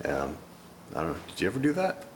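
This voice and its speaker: Low-voiced man rambling in an echoey room. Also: fast talker, over loud music. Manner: rambling, excitable, swings into mock-scared asides. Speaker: reaction video host. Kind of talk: casual reaction commentary. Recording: echoey room with faint noise.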